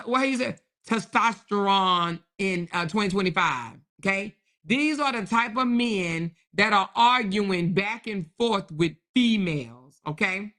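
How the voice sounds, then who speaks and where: A woman hosting a live stream, commenting sassily and reading chat messages while calling viewers "baby" and "honey," with frequent laughter. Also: mid-range voice. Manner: sassy, animated, peppered with endearments; laughs often between remarks. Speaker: host.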